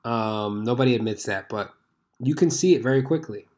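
Guy in his 30s rambling on his show, lots of swearing, regular mid-pitched voice. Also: normal speed, a little mellow. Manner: profane, rambling, conversational. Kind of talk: casual monologue.

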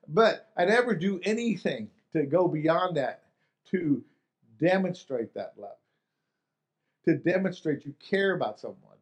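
Earnest preacher man, slightly high voice. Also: lively intonation, slow pace, pauses often. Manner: earnest, repetitive, with many restarts and rhetorical questions. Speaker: pastor. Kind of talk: sermon.

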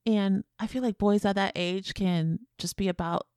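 A woman in her thirties chatting on a podcast, speaking warmly and from the heart about other mothers. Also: mid-range voice, fairly even intonation, moderate pace, clean tone, dry recording, clean studio sound. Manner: warm, heartfelt storytelling. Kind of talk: casual chat.

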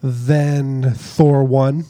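A man's voice: mid-range voice, level tone, very slow, warm tone, slight background noise. A man in casual movie debate, stubbornly and playfully arguing a contrary view. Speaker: podcast co-host.

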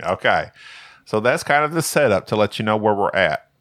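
A man's voice: fairly low pitch, lively intonation, fairly quick, fairly bright tone, no echo. A man hosting a casual podcast and running a playful quiz for his co-hosts. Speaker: podcast host.

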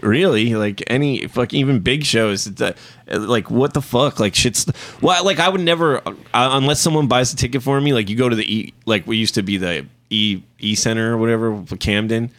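A man's voice: mid-range voice, moderate pace, a bit bright. A man from New Jersey, a touring musician and podcast guest, telling a rambling story full of swearing, fillers and restarts. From New Jersey, USA. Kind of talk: casual podcast chat.

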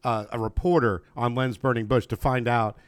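Smooth-voiced man hosting a podcast chat. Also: mid-range voice, fairly even intonation, normal speed, no echo. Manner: rambling, friendly, many fillers and restarts. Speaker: podcast host. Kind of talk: casual interview. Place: home, remote video call.

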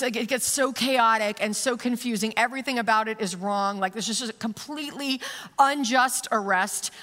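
A woman's voice: fairly high pitch, bright, forceful tone. A woman giving a casual, conversational sermon, telling a story animatedly with plenty of fillers. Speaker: preacher. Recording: long reverb of a large hall.

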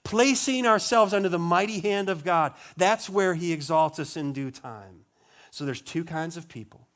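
A pastor preaching a sermon, asking the congregation rhetorical questions, building emphasis and then dropping to a low, quiet voice on solemn lines. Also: male voice, moderate pace. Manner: rhetorical questions, rising emphasis on key words.

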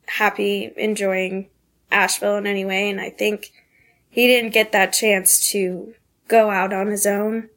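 Young woman telling her story haltingly. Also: medium pitch, fairly bright tone. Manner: halting, full of "um" and "like", earnest. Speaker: podcast guest. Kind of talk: candid personal storytelling.

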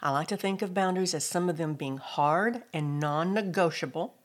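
A woman's voice: fairly low pitch, normal speed. A middle-aged woman giving a devotional teaching talk, telling personal stories and lifting her voice for scripture quotes. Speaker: Christian speaker.

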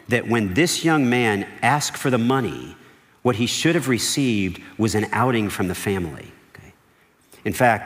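A male pastor with a fairly low voice preaches in a conversational, chatty way, stumbling over repeated words and turning to the audience with asides. His voice rings out with a long reverb, like in a large church hall. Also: a bit bright. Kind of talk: sermon.

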